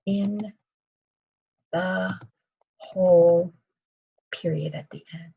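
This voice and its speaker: Husky slow-talking kindergarten teacher woman. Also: on the low side, fairly even intonation, darkish tone, lo-fi sound. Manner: slow, patient, sing-song teacher talk, calls herself by her surname. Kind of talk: remote video lesson for young children.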